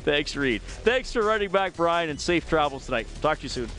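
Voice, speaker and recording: A man hosting a sports radio show, reading listener texts and chatting in a relaxed, self-amused way. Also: a little high, moderate pace. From Alberta, Canada. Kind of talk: casual radio talk. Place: radio studio. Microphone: studio microphone.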